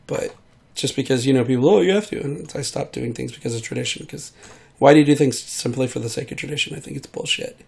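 Gravelly man rambling while sick. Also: medium pitch, fairly even intonation, quick pace. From United States. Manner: meandering, trailing off, many fillers. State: sick, voice hard to control. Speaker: vlogger. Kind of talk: rambling casual monologue.

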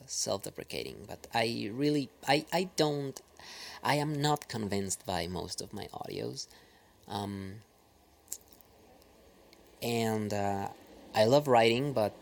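A male audio creator, a native Spanish speaker with a Spanish accent, gives a casual, reflective monologue. His lowish, creaky voice is hesitant and full of pauses, sometimes dropping to a near-whisper.

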